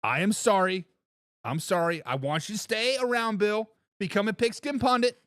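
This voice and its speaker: A man hosting a sports talk live stream, reading viewer comments and joking back at them in an excitable way. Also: high voice, normal speed, no echo, clean studio sound. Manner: excitable, laughs and repeats himself, teases commenters. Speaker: sports talk show host.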